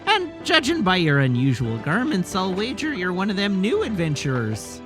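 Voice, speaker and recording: A man's voice: high-pitched, wildly swooping pitch, normal speed, music in the background. A man doing a chatty old peddler with a folksy drawl. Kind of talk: reading game dialogue in character.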